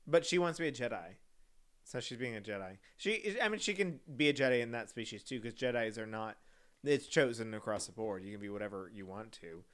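A man's voice: on the low side, expressive, a little fast, fairly bright tone. A man co-hosting a casual podcast, chatty and rambling, reacting and going off on tangents. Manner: chatty, rambling, laughs often. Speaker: podcast co-host. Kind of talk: casual chat.

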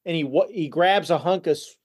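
A man appearing as a podcast guest, calmly recounting a film's plot in casual conversation with frequent restarts. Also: on the high side, slightly rough. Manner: relaxed, halting retelling with restarts. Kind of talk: casual film discussion.

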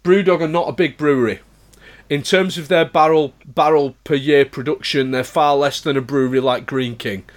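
A man on a casual podcast, explaining things in a measured way with some restarts. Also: a little high, fairly even intonation.

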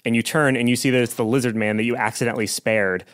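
A man's voice: mid-range voice, fairly even intonation, fast talker, a bit bright. A man narrating a tabletop game as game master, laughing often as he goes.

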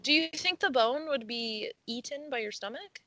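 A woman's voice: sits high, animated, moderate pace, bright, forceful tone, soft background music, poor audio. A young woman co-hosting a casual podcast, reading a news story aloud with frequent giggles and casual swearing. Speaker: podcast co-host.

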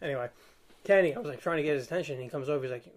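A young man rattles off a story in loose, slangy chat. His delivery is quick and a touch high-pitched, full of filler and asides. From Staten Island, New York. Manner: rambling, slangy, laughs while telling.

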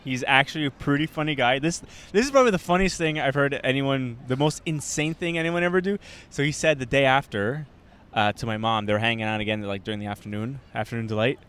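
A man's voice: medium pitch, fast, a bit bright, clear, resonant tone. A man co-hosting a comedy podcast, chatting casually and telling stories with lots of laughter, recorded outdoors. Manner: laughing, rambling storyteller. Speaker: podcast co-host and stand-up comedian. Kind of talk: casual banter. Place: outdoors in a park.

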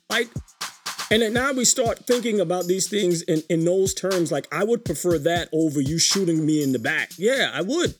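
A man hosting his own podcast, talking through a story in a casual live-stream monologue, animated, often restarting his sentences. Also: high-pitched, normal speed, faint music behind. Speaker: podcast host.

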